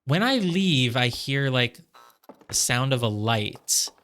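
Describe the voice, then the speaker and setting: A man giving casual let's-play commentary. He thinks out loud, peppers his talk with "like," and slips soft laughs between thoughts. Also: medium pitch, animated, slow. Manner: musing aloud, heavy on "like" fillers. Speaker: gamer playing through a game.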